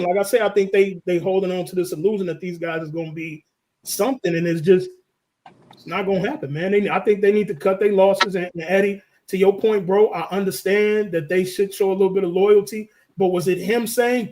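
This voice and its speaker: A man co-hosting a sports podcast, talking in loose, joking banter and telling animated stories. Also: high voice, a little hiss or hum. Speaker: podcast co-host.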